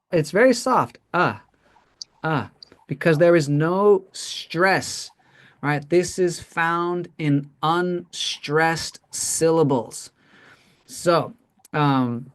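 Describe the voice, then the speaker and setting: A teacher leading a classroom pronunciation lesson, modeling words slowly and checking in with "right?" often. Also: mid-range voice.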